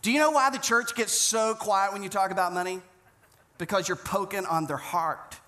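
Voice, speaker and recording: A man's voice: high-pitched, moderate pace, bright, forceful tone. A man pastor preaching a sermon, earnest and conversational, telling stories with frequent restarts.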